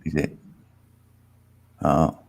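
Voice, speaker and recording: A man hosting a live stream panel in casual, slangy chat, laughing often. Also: drawn-out words.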